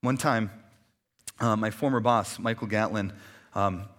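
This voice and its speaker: A man's voice: fairly low pitch, steady tone, a little slow, a bit bright. A man pastor preaching a sermon in a conversational way, stacking repeated phrases for emphasis and dropping in casual asides.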